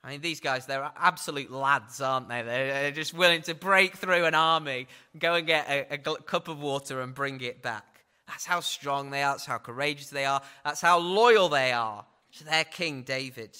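A man's voice: medium pitch, moderate pace, hardly any pauses, sharp tone, clear, resonant tone. A man preaching a sermon in a conversational way, often adding tag questions.

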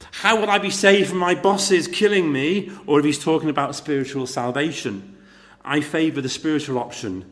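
A middle-aged man preaches with a slightly high voice, telling the story dramatically. He poses rhetorical questions to the congregation and moves between loud emphasis and quiet intensity.

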